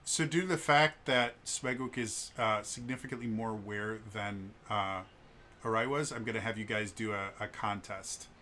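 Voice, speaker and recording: Bright-voiced casual game master, man. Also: lowish voice, steady tone, moderate pace, slight background noise. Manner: casual, with filler words and playful asides. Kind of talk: narrating a tabletop game.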